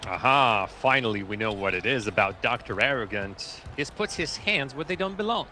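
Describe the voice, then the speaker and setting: Brief: male color analyst, mid-pitched, relaxed and joking, clear background noise on the mic. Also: normal speed. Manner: laid-back, playful, laughing along. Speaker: esports color commentator. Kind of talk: live esports color commentary.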